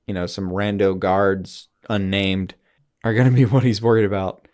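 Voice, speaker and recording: A man co-hosting a podcast in casual chat, animated, swearing freely and slipping into quick mimicked voices. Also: lowish voice. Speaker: podcast co-host.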